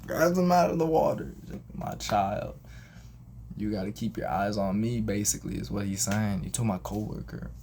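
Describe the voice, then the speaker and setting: A man's voice: lowish voice, a little fast, vocal fry, few pauses, slight background noise. A young man telling a personal story in a casual vlog, acting out the people he quotes with sudden jumps in voice. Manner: animated, acts out quotes with big jumps in voice. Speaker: vlogger.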